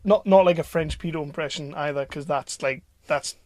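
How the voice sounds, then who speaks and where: Young male co-host, jokey and profane, bright high voice, very dry close mic. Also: normal speed, no echo. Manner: jokey, laughs often, swears freely. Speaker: podcast co-host. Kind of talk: casual banter.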